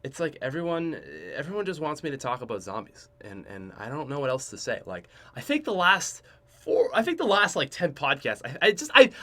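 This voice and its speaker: A young man hosts a casual podcast and rambles through a story with a lot of self-mockery. His voice is bright and edgy, his pitch climbs and drops all over the place, and he keeps restarting sentences and trailing off. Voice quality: chatty, joking, self-mocking. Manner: restarts and trails off often, swings loud and soft. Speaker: podcast host.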